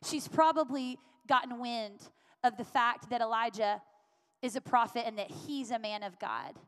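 A woman's voice: on the high side, moderate pace, smooth. Earnest woman preaching in an echoing hall. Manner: earnest, repetitive emphatic preaching. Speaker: pastor. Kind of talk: sermon. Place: church sanctuary. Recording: long reverb of a church hall.

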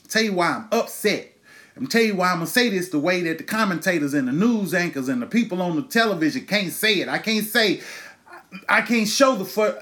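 A man's voice: high-pitched, a bit bright. Furious profane man in his thirties. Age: 30s. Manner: angry, profane ranting; emphatic rhetorical questions. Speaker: podcast host. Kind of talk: impassioned monologue.

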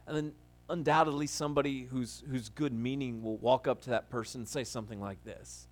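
A man speaking as a pastor, telling a story in a relaxed, conversational sermon style with frequent restarts. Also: medium pitch, a little fast. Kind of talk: casual sermon-style talk.

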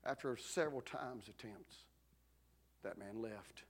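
A male pastor, preaching a sermon as a dramatic story that swings between shouting and hushed tones. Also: mid-range voice, measured pace.

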